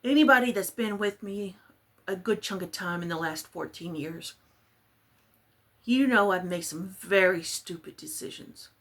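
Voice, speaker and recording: This crafting vlogger, a woman from Texas, keeps up a loose, rambling chat as she crafts, often poking fun at herself. She speaks at a measured pace in a mid-range voice with a fairly bright tone.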